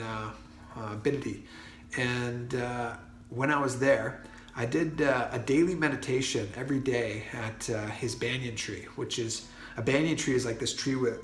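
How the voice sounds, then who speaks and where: A man telling a personal story in a casual monologue, earnest and full of fillers and restarts. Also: medium pitch. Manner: earnest, many fillers and restarts, grows excited. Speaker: vlogger. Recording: roomy echo with faint music.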